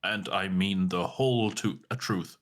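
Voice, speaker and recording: A man's voice: low voice, fairly even intonation, unhurried, fairly bright tone. A man joking dryly while voicing and playing through a story game with a co-player. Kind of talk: casual banter over a game playthrough.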